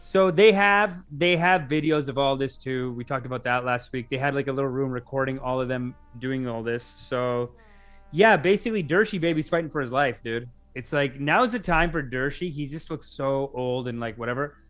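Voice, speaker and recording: A young man co-hosting a podcast in casual, excitable chat, often acting out what others said. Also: mid-range voice, moderate pace, clean tone. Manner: animated, excitable, mimics others in quotes. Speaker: podcast co-host.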